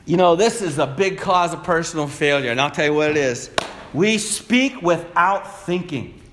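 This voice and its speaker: A middle-aged male pastor preaching a sermon, rising to shouts and dropping low for emphasis. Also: fairly quick, a little hiss or hum. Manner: preachy, builds to shouts then drops low.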